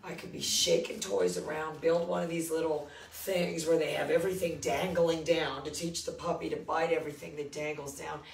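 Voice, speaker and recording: A woman dog trainer chatting casually on a livestream, rambling and animated, acting out other people's voices as she talks. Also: low-pitched, moderate pace, vocal fry, hardly any pauses. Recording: echoey room with background noise.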